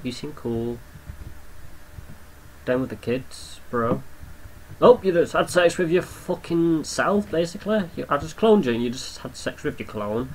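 A young man giving casual game commentary, excitable, swearing often and talking to the creatures on screen. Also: a little high, slight background noise, low-quality recording. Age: young adult. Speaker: gamer commentator.

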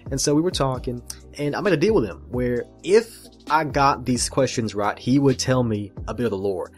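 A man giving excited casual commentary as he flips through a comic, gushing and swearing freely. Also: medium pitch, moderate pace. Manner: animated and gushing, swears freely, mimics characters. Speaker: video creator reviewing a game comic. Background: faint background music.

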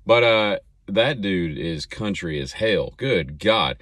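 Male host from the US South, very low voice, loose rambling delivery, dry booth sound. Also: lively intonation, slow pace, a bit bright, no room sound. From American South. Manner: rambling, chatty, lots of fillers and restarts. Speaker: podcast host. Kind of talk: casual solo commentary.

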